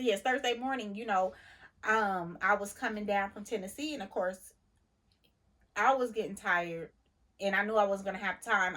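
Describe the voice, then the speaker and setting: A woman, a truck driver, telling a story in a casual, animated and indignant way. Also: mid-range voice. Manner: animated, indignant retelling with laughs.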